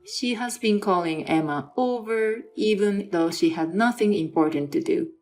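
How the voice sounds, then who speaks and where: A woman plays a stern aunt laying down the law to her nephew. The voice is firm and commanding at a middle pitch. Music hums faintly behind it. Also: normal speed, darkish tone, close to an everyday voice. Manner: firm and scolding. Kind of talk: dramatized story reading.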